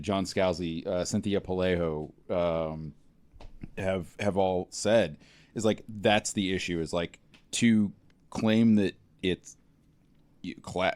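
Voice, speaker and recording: A man co-hosting a podcast in casual chat, measured and emphatic. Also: sits low, dry recording. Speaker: podcast co-host.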